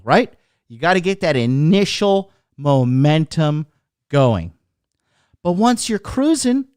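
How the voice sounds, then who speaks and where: A man's voice: fairly high pitch, clean tone, no room sound, studio quality. A man hosting a podcast, delivering a blunt, profane, mocking rant. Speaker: podcast host. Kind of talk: ranting monologue.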